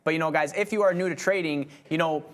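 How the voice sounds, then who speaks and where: A man's voice: fairly high pitch, fairly bright tone. A man co-hosting a live day-trading show, giving casual market analysis full of fillers such as "like" and "you know". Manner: rapid, filler-heavy, keeps saying "like". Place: trading-floor TV studio.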